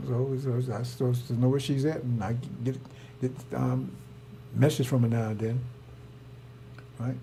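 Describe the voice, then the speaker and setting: A man's voice: mid-range voice, flat delivery, moderate pace, gravelly, long pauses, warm tone, a little hiss or hum. A man, telling a rambling personal story in a heated, emphatic, repetitive way. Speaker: online preacher.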